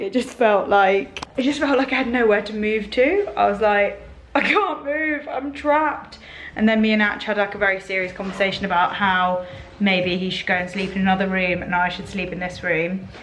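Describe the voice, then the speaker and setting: A woman's voice: mid-range voice, steady tone, fairly quick, slight background noise. Chatty young woman vlogging. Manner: chatty and rambling, with soft laughs. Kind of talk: casual chat to camera. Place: bedroom of a small flat.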